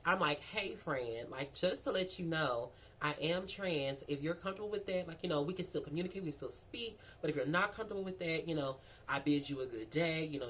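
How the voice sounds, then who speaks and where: A young woman spins a casual storytime tale, her speaking voice sitting on the low side. She is animated and profane, acting out both sides of each conversation. The delivery is loose and chatty. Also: low-quality recording.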